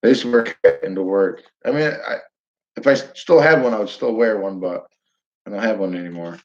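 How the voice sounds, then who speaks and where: A man's voice: lowish voice, fairly quick, a little mellow. A man from Northern New York chatting casually to his viewers, rambling and chuckling as he tells a story. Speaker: live stream host. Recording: dull lo-fi audio.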